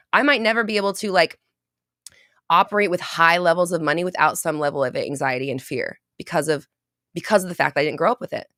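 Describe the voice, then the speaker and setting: A woman's voice: fairly low pitch, fairly bright tone, no echo, clean studio sound. A woman hosting a manifesting podcast, talking in a blunt, emphatic and profane way in casual motivational chat. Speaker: podcast host.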